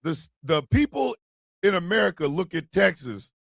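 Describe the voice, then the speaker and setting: A man hosting a comedy show, ranting in a profane, animated way with yelled bursts. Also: sits high, normal speed, gravelly, dry recording, studio quality. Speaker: host. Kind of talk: comedic rant commentary.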